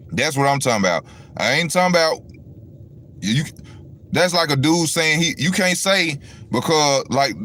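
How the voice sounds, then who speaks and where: Slightly high and a bit bright, this man's voice carries a rambling, profanity-laced rant. He's a boxing commentator hosting a laid-back stream and talking right to his audience.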